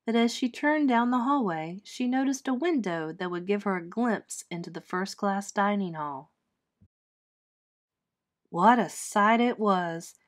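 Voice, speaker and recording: Brief: female teacher, mid pitch, expressive read-aloud of a kids' chapter book. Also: moderate pace, few pauses. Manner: expressive, clear storytelling. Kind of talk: children's storybook read-aloud.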